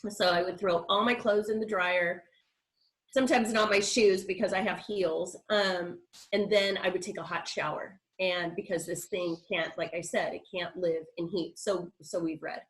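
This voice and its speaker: A woman's voice: on the low side, fairly even intonation, normal speed, rough recording. A middle-aged woman on a video call, telling a personal story in a chatty, rambling way with frequent restarts and laughs. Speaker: guest speaker.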